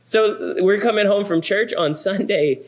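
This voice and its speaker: A man's voice: high voice, measured pace. A man in his thirties, a pastor, telling funny family stories in a sermon. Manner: animated, self-deprecating, comic. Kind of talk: humorous sermon storytelling.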